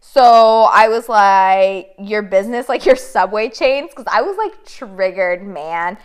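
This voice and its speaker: Woman, casual storyteller, lively and profane, quotes texts in voices. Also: mid-range voice, takes it slowly, clean tone. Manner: animated, swearing, quoting messages in voices. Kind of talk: casual chat.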